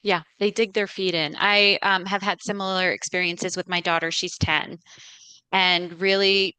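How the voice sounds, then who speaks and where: A woman's voice: medium pitch, sharp tone, clear, resonant tone, no echo, poor audio. A woman leadership coach, a podcast guest, talking earnestly and emphatically in a casual interview.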